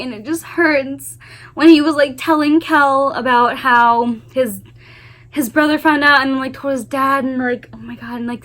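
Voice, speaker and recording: A woman's voice: high-pitched, fairly bright tone. A woman book vlogger giving a gushing, emphatic spoiler review of a novel series, swearing often and repeating her exclamations.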